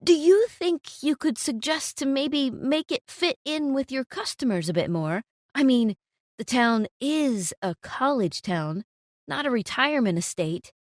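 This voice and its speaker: A pushy young customer complains in a high, lively voice, as a woman puts her on. Close, dry storytime read. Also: measured pace, dry recording. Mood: complaining.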